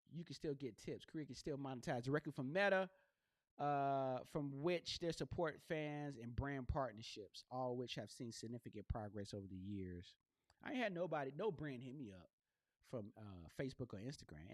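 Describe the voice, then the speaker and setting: A man's voice: mid-range voice, expressive, moderate pace. A man hosting his own podcast, talking casually and rambling in slang, asking "you know what I mean?". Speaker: podcast host. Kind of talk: casual solo podcast talk. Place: home studio with a box light. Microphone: gaming headset.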